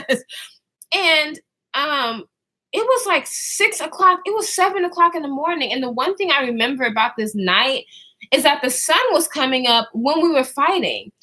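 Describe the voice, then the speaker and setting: A young woman vlogger telling a storytime in a casual, animated way, laughing often, swearing, and acting out the people she quotes. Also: high voice. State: out of breath at times. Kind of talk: storytime vlog.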